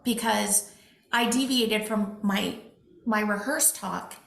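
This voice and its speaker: A middle-aged woman, a physician and speaker, telling animated stories as a guest in an interview, slipping quoted dialogue into her talk. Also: mid-range voice, slow, creaky, a little hiss or hum. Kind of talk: conversational interview storytelling. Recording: echoey room.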